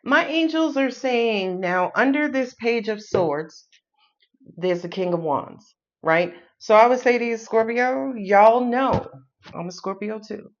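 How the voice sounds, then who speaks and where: A woman's voice: on the high side, takes it slowly. A woman with a New York accent reads tarot in a loose, sassy way, joking and swearing as she talks. The recording sounds a little dull and lo-fi. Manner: sassy, playful, swearing, laughs often. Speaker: tarot reader. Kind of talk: casual tarot reading.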